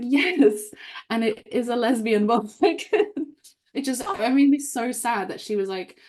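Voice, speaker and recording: A woman, an author appearing as a guest, chatting casually on a podcast in an animated, rambling way with plenty of fillers. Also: a little high, unhurried.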